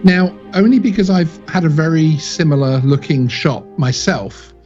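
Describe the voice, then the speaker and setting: A man's voice: fairly high pitch, normal speed, darkish tone, lo-fi sound, soft background music. A man co-hosting a casual live-stream chat, agreeable and chiming in with short remarks.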